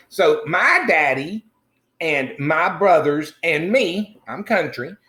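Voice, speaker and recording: With a high-sitting, somewhat bright, exaggerated voice, a male comedy character host plays a middle-aged country man in an improvised comic monologue. He tells a meandering, folksy story full of crude asides, and the recording has a roomy echo.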